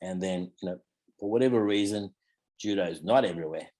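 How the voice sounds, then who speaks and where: Aussie bloke in his 50s, kinda low voice, martial arts teacher chatting loose and rambly in an interview. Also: a little fast, warm tone. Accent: Australian. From Australia. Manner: rambling, peppered with "mate" and "you know". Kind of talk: casual interview talk.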